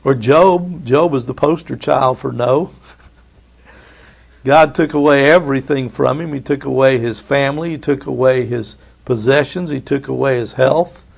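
A man's voice: mid-range voice, unhurried, gravelly. A man preaching a sermon, reading scripture and acting out the voices of biblical figures.

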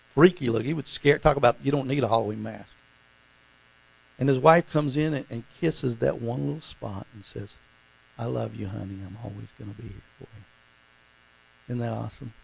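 A man's voice: mid-range voice, gravelly, low-quality recording. A man preaching a sermon, telling a story in a rambling way with repeated words and bursts of fervent emphasis.

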